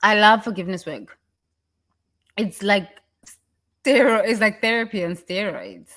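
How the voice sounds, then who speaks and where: A woman giving a casual motivational talk, animated and laughing often, breaking into mocking impressions. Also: a little slow. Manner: animated, laughs often, mimics others in high voices. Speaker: self-help speaker.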